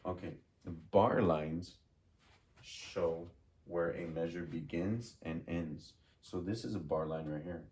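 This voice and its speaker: Low and darkish in tone, this man's voice guides a patient music lesson. He drills rhythms, asks questions, and slowly repeats words.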